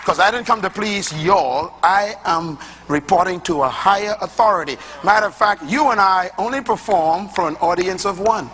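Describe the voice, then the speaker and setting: A man's voice: sits high, moderate pace, few pauses, very noisy. A man preaching a sermon to a congregation, emphatic and rhythmic in his delivery and loose and colloquial in his phrasing.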